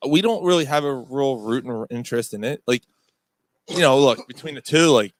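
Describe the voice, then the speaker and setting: A man's voice: medium pitch, normal speed, dry recording. Podcast co-host, male, mid-range voice, dry close-miked sound, loose, profane, opinionated sports chat.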